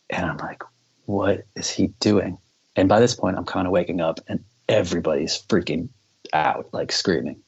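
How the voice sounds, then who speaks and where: A man with a very low, gravelly voice and a husky edge tells a story as a podcast guest. He rambles loosely, leans on filler words and swears freely. The recording sounds dull and lo-fi. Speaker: podcast guest, band member. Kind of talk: casual storytelling.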